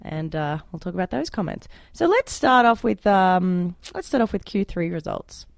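A woman's voice: on the low side, very animated, moderate pace, vocal fry, no room sound, clean studio sound. A young woman with an Australian accent hosting a political podcast in a playful, casual chat, laughing often. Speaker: podcast host.

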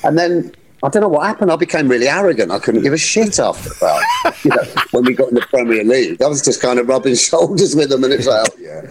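A middle-aged man guesting on a podcast, telling casual stories, animated and self-mocking, with the odd swear word. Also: medium pitch, fast, rough recording. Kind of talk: casual storytelling chat.

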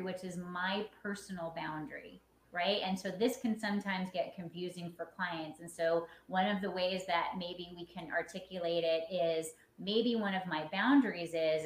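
Therapist woman walking someone through boundaries, calm, kinda low voice, roomy sound. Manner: calm, explanatory, checks understanding. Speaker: relationship therapist guest. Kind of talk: explanatory conversation. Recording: echoey room with faint noise.

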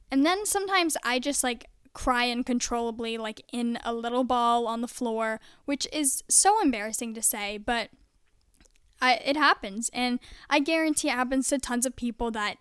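A young adult woman vlogs in a relaxed, confessional style, her voice slightly high and smooth at a moderate pace. She rambles chattily, saying "like" constantly. The sound is close and dry, without any room echo.

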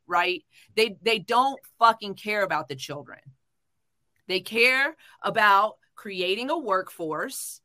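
A woman's voice: medium pitch, pushed and bright. A woman hosting a casual livestream chat, talking heatedly with frequent swearing, fillers and restarts. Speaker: livestream host. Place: home livestream.

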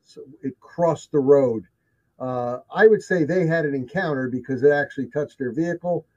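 Speaking at a normal speed with a warm, slightly high voice, a guest tells of his sightings in relaxed conversation. He is emphatic and repeats things for effect over a dull, lo-fi recording.

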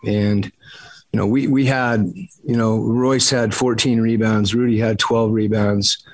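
A male basketball head coach answering press questions after a game, halting and full of fillers. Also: fairly low pitch, level tone, no room sound, rough recording. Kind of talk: postgame press conference answers.

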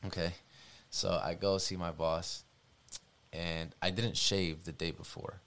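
A young man in his twenties, a podcast guest, telling a story in a casual, animated and profane way. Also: deep voice, measured pace.

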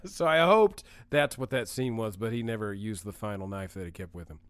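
A man co-hosting a podcast in casual chat, enthusiastic and quick to laugh. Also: lowish voice, a bit bright, smooth. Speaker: podcast co-host.

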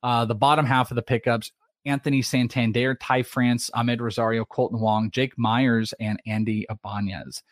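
A man co-hosting a casual fantasy baseball podcast, chatty and quick to rattle off names and ownership numbers. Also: medium pitch, steady tone, no echo, clean studio sound. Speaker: podcast co-host.

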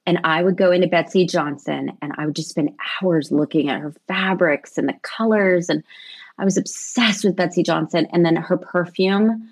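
A woman's voice: on the low side, moderate pace. A woman, chatting in an interview as the guest, laughing often and telling stories with animation. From American South. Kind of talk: casual interview chat.

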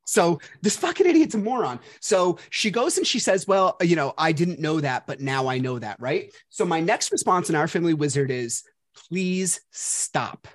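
A man's voice: fairly high pitch, big pitch swings, normal speed, hardly any pauses. A man hosting a podcast, telling a story in a casual, profane way and mocking the people he quotes. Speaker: podcast host.

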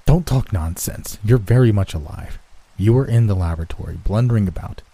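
A man voicing a firm, worried male lab colleague who urges a friend to calm down. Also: fairly low pitch, fairly quick, no echo. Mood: urgent. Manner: firm, urging.

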